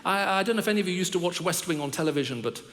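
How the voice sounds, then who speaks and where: A man's voice: high-pitched, expressive, racing, a bit bright. A middle-aged man giving a sermon as a guest preacher, telling stories with humor and wry asides about himself. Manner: storytelling with humor and self-deprecating asides. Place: large church hall. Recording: long reverb of a big hall.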